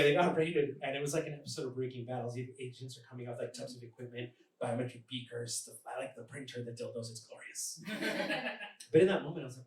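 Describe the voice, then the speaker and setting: A man's voice: mid-range voice, a little hiss or hum. A man performing a live stand-up comedy set, telling stories and acting out the voices of the people in them. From born in Mexico, raised in the United States. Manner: animated storytelling, acting out characters' voices. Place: live comedy stage in front of an audience. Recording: echoey room, mic from a distance, audible ambience.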